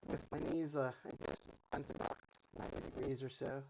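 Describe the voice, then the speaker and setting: A middle-aged man at home, talking himself through a core workout with halting restarts and breathless pauses between sets. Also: medium pitch, fairly even intonation, very noisy. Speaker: fitness vlogger. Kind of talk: casual workout narration. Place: home room with his dogs.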